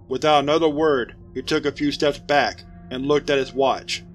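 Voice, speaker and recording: A man narrating a scripted horror story in a steady, even storytelling voice. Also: mid-range voice, normal speed. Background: faint music.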